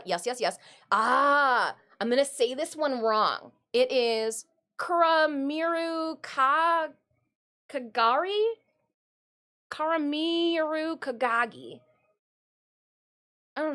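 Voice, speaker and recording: A woman's voice: high-pitched, bright, forceful tone. A woman from Michigan chatting casually on a live stream, reading viewer comments in a rambling, giggly way. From Michigan, USA.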